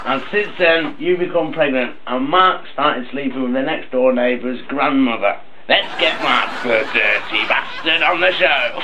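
A man's voice: mid-range voice, measured pace, few pauses, noisy background. A young man hosting a spoof talk show in a brash, mocking way, often breaking into giggles.

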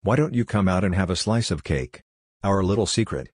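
A man voicing an inhuman father-thing with a gravelly, sickly-sweet, cooing voice. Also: sits low, animated, fairly quick, darkish tone, dry recording, clean studio sound. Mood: coaxing. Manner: cooing, wheedling.

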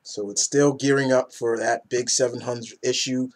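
A young man in a casual, rambling comic book review who gets excited and acts out characters' lines. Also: mid-range voice, normal speed, a little hiss or hum.

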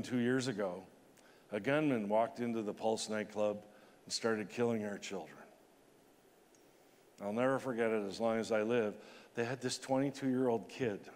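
A man in his sixties delivers an emotional, emphatic keynote speech, his pitch rising sharply at the peaks. His voice is mid-pitched and carries a long reverb from a large hall. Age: 60s. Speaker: conference keynote speaker.

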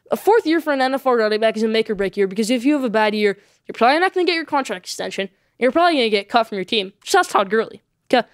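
Woman doing a solo sports podcast, talks super fast, keeps saying okay?, all fired up, dry close sound. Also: a little high, clean tone, dry recording. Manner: emphatic, repeats points with a tag "okay?"; excitable, animated opinions.

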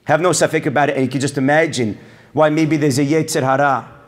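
A man, a rabbi, giving a Torah sermon, swinging between loud emphasis and hushed lines and sprinkling in Hebrew terms. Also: a little high, fairly even intonation, fast. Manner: sprinkles Hebrew terms, addresses audience as Morai Rabotai.

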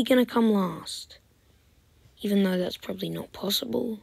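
Husky woman whispering asides while gaming. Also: medium pitch, moderate pace, no echo. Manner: swings between loud protests and whispered asides. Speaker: gaming commentator. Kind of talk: casual game commentary.

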